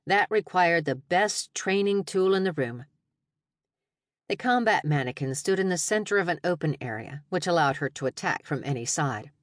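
Low-voiced woman reading a novel. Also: no echo, studio quality. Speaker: audiobook narrator. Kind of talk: scripted narration.

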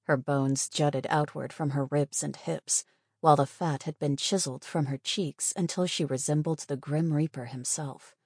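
Woman audiobook narrator, measured and even, with a dry, close sound. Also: deep voice, husky, no room sound. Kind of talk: scripted narration.

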